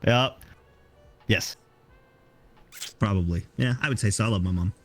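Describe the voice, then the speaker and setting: A man's voice: fairly low pitch, unhurried, faint music behind. A young man who is a guest on an interview stream, telling stories in a rambling, casual way. He repeats himself often and restarts his sentences as he goes along.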